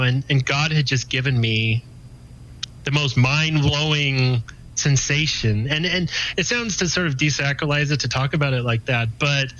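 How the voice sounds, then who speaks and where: A man in his forties speaks as a guest, sharing his life story in an earnest, rambling way. He restarts his sentences often and keeps leaning on "you know." His voice sits at a middling pitch, and the recording sounds slightly dull and muffled. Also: a bit bright. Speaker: guest giving his testimony. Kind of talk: casual personal testimony.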